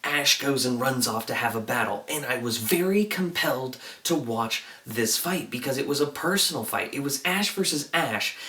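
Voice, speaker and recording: A man retells a TV episode in a loose, excitable ramble, leaning on "like" as he goes. He sits some distance from the microphone, so his voice picks up a roomy echo. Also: mid-range voice, moderate pace, few pauses. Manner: chatty, excitable retelling with frequent "like" and acted-out quotes. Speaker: TV episode reviewer. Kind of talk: casual video review.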